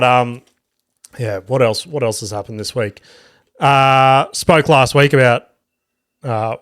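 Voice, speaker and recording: Sweary podcast host. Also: male voice, mid-range voice, dry recording, clean studio sound. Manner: rambling, sweary, self-mocking, lots of restarts. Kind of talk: solo comedy podcast storytelling.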